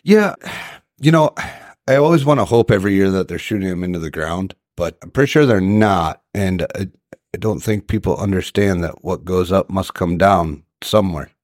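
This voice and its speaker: Deep voiced podcast guy, measured, explains stuff, dry mic. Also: darkish tone, no echo. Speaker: podcast co-host. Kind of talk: casual chat.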